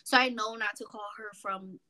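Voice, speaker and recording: Young woman podcast co-host, bright forward tone, chatty storyteller. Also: mid-range voice, moderate pace. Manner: animated storyteller, acts out her mother's voice. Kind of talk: casual chat.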